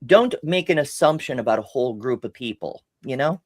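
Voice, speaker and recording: A woman's voice: extremely low pitch, animated, fairly quick, darkish tone, no echo. A woman co-hosting a podcast, reading out viewer comments and answering them in a frank, casual way. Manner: reads out chat messages, then comments with frank, blunt remarks. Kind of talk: casual chat.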